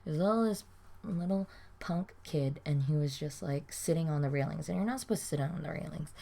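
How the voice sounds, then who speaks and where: Low-voiced young woman rambling vlog story. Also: a little fast, vocal fry, warm tone. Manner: rambling, swears a lot, many "like"s. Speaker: vlogger.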